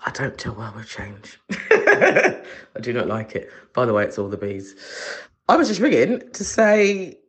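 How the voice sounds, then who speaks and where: A bubbly caller leaving a voice message from a bathroom, speaking in a slow, drawn-out way. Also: mid-range voice, huge pitch swings, a bit bright.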